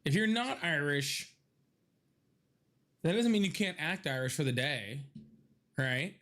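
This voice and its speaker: A man with a fairly high voice talks loosely to a live audience, wandering from one story to the next and breaking into laughter. His voice sounds a little stuffy from allergies. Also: lively intonation, unhurried, a bit bright. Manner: rambling, joking, laughs often. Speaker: live stream host. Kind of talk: casual chat to a live audience.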